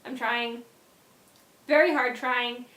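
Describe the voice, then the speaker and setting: A young woman vlogger telling a casual story in an animated way, often dropping into quiet asides. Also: on the high side, slow pace, echoey room.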